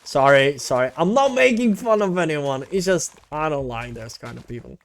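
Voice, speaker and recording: A man's voice: fairly high pitch, expressive, normal speed, creaky. A male VTuber chatting casually with his stream, laid-back and rambling, with casual swearing.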